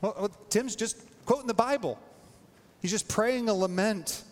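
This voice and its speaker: A man preaching a sermon in a casual, animated way, his voice leaping up when he acts out prayers. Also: normal speed, long reverb tail. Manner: animated, voice jumps high when acting out prayers. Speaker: pastor.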